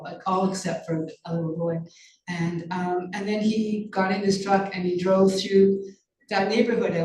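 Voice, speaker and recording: Her voice fairly low and a touch mellow, a Canadian author and journalist is the guest in a conversational interview. She responds earnestly and intensely, with frequent fillers and restarted thoughts, and the audio has a roomy echo, as if she's slightly away from the microphone.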